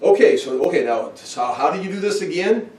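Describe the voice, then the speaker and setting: A man's voice: high-pitched, animated, a little fast, darkish tone. Roomy, distant man teaching Bible study. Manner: thinking aloud, with restarts and asides. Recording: roomy, from far off the mic.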